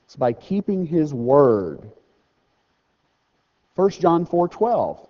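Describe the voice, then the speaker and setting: A man preaching a sermon in a church, talking to the congregation in an easy way. He slows down to read scripture and makes joking, self-deprecating asides. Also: fairly high pitch, very animated. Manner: conversational preaching, slows down and rises for scripture readings. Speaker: pastor. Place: church sanctuary. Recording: dull sound with long hall reverb.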